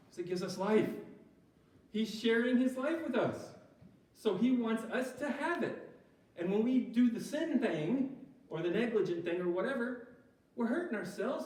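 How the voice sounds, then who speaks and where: A man's voice: high-pitched, lively intonation, normal speed, long pauses, a little mellow. A man giving an informal sermon at a church recovery group, talking conversationally and often checking in with his listeners. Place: church hall. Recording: echoey church hall, mic far off.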